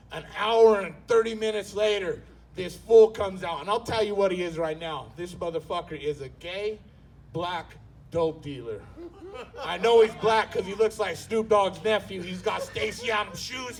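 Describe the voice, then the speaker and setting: Male stand-up comic, high voice, profane animated storyteller who acts out his characters. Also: far from the mic, a little hiss or hum. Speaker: stand-up comedian.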